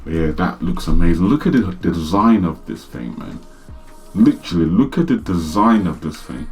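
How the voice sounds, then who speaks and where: Excitable young man, deep voice. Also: normal speed, breathy edge, soft background music. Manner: excitable, slangy, exclaims often. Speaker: vlogger. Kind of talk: casual unboxing vlog. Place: home studio.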